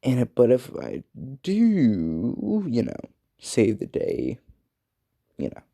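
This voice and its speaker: A man's voice: medium pitch, wildly swooping pitch, slow, vocal fry, mellow, dry recording, studio quality. A young man casually telling a fan story, rambling with lots of fillers and swearing.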